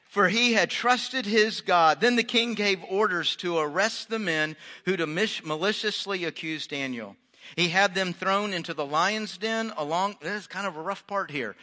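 A man's voice: sits high, sharp tone. A man preaching a sermon, reading scripture aloud and adding chatty, joking asides for his congregation. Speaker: pastor.

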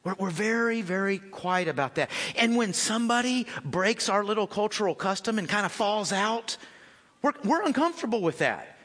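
American male pastor, high bright voice, lively conversational sermon in a reverberant church hall. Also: normal speed. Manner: animated, conversational, addresses congregation as folks.

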